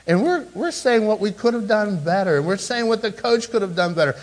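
Middle-aged man, pastor, lively preaching voice with a slightly high pitch, chatty with the room, dips quiet for weight. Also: a little fast, poor audio. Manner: animated preaching with sudden drops to a hushed tone; conversational, with asides to the congregation. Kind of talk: sermon.

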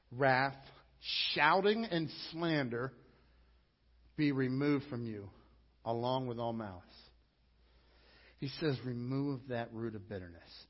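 A male pastor giving a sermon, emphatic, rising to loud appeals to the congregation. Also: medium pitch, husky. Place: church sanctuary. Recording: dull audio with long church reverb.

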